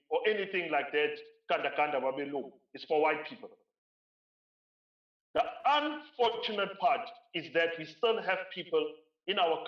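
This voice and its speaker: A South African man giving a conference keynote speech, emphatic and driving points home by repeating phrases. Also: fairly high pitch. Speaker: keynote speaker. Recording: roomy, distant, dull lo-fi sound.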